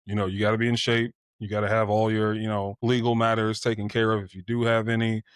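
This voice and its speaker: Guy in his 20s telling his own story on a podcast, lowish voice, dry close sound, pretty candid. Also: level tone, fast, clear, resonant tone, no echo. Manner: candid and reflective, with filler phrases. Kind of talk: casual storytelling.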